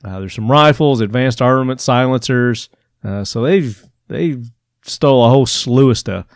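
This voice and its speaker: A man's voice: medium pitch, normal speed, no echo. Dry, mocking man hosting a podcast. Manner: mocking, exasperated, laughs at the news. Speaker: podcast host. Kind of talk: casual commentary reading news.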